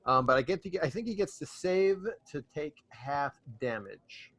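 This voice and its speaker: A man's voice: on the high side, lively intonation, normal speed, crowd noise. A man playing a tabletop game, talking casually and playfully with fillers. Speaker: player.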